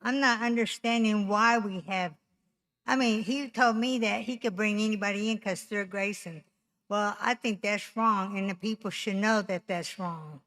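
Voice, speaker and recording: A woman speaking up at a tribal council meeting, making an aggrieved, insistent public comment with halting restarts. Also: mid-range voice, fairly bright tone.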